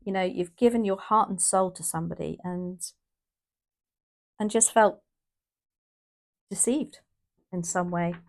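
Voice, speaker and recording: A woman's voice: fairly low pitch, a little slow, pauses often. A woman from the UK doing a casual, emotional tarot reading, rambling with restarts and exclamations. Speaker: tarot reader.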